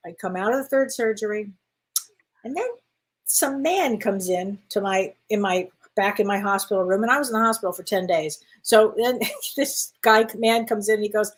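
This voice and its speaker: Woman, casual chat, animated storyteller, acts out voices, slightly high voice. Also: a little fast. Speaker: guest.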